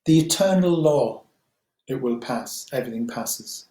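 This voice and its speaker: A man leads a mindfulness meditation talk in a slow, gentle way. He pauses often and fills gaps with ums. His mid-range voice carries a roomy echo. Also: mid-range voice, animated. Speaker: mindfulness teacher.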